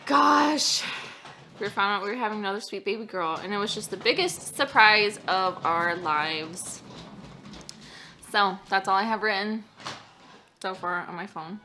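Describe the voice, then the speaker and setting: A woman's voice: mid-range voice, lively intonation, measured pace, long pauses, sharp tone, slight background noise. A woman and mother telling a personal story to her camera in a casual, rambling way with frequent laughs, recorded at home on a camera-top microphone. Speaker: vlogger and mother.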